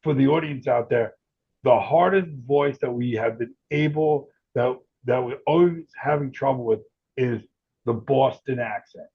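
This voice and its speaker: A man's voice: mid-range voice, moderate pace, slightly rough, narrow, tinny audio. A man, a guest on an interview podcast, explaining his product in a loose, rambling way. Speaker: guest, tech founder.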